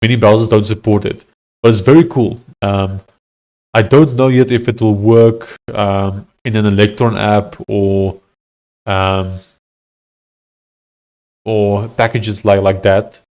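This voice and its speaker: With long pauses, he takes it slowly in a lowish, steady, slightly mellow voice. A South African developer streaming his coding, he comments casually, thinking aloud, hesitant and prone to restarting sentences.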